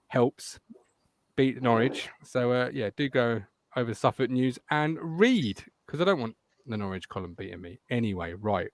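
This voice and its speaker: A man hosting a casual football podcast, chatty and quick to laugh, reading out viewer comments. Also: medium pitch, no room sound. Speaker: podcast host. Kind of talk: casual live-stream chat.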